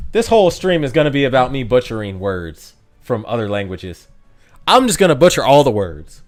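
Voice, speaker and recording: American male streamer, animated pitch, playful chat-reading, light music under. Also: fairly quick. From United States. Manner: reads chat aloud, joking, playfully self-deprecating. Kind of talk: casual live-stream chat.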